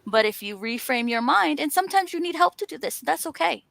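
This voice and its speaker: A woman's voice: high voice, lively intonation, fairly quick, creaky, a bit bright. A woman talking in an earnest, encouraging way, stacking up emphatic lists. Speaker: author and panel host. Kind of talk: motivational casual chat.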